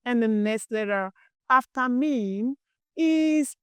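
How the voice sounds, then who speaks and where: A woman gently teaching young children their letters, speaking very slowly and drawing out each sound. Her voice is smooth and clear, recorded close and dry with no room sound. She praises the listener often and keeps an encouraging, patient manner. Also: on the high side, lively intonation, no room sound, highs cut off. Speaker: children's Arabic alphabet teacher.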